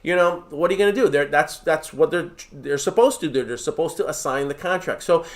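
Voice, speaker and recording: A man coaching his audience with direct, emphatic advice, his voice sitting a little high. He keeps checking in with a quick "right?" or "okay?" as he lays out each step. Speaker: real estate mentor. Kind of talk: coaching talk to camera.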